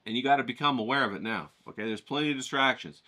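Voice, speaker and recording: A man hosting a writing challenge, giving an energetic, casual pep-talk lesson full of swearing and storytelling. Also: mid-range voice, fast.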